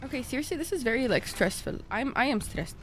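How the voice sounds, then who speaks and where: A woman's voice: high-pitched, expressive, quick pace, fairly bright tone, a little hiss or hum. Frantic swearing young woman streamer. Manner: frantic, swearing, chatty with viewers. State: stressed. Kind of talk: live gameplay commentary.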